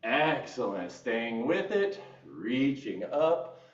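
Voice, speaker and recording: A man's voice: mid-range voice, very animated, slow pace. A male fitness instructor cueing a live workout class, upbeat and encouraging as he counts down reps. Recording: roomy echo, distant mic, dull sound.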